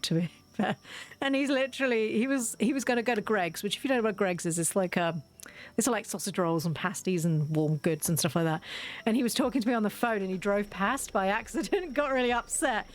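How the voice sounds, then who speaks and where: A woman streaming a cozy game, chatting and giggling with playful drama while she plays. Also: medium pitch. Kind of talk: live gameplay commentary.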